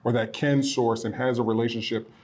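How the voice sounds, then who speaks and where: A man who owns a printing supply business, chatting casually and a bit ramblingly as he pitches products from his small shop. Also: steady tone, brisk, a little mellow. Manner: rambling, self-correcting, earnest. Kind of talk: casual promotional chat. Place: their small shop location.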